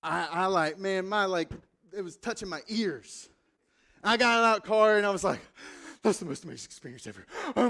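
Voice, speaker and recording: A pastor with a notably high voice preaches to his church, spinning a casual, animated story. He swings from hushed, reflective moments to loud, acted-out panic as he replays his own reactions. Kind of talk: storytelling sermon. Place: church stage.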